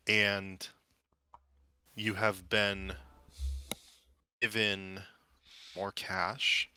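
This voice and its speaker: A man with a lowish, bright voice runs a tabletop game in a casual way. He narrates with lots of fillers and restarts. The recording is dry and close. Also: clear, resonant tone, no echo. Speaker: game master.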